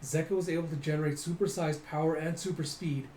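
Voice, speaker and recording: Narrating a comic readthrough, a young man talks fast in a slightly high, warm voice with a steady tone. His delivery is loose and rambling, full of "he's like." An echoey room and faint noise are audible.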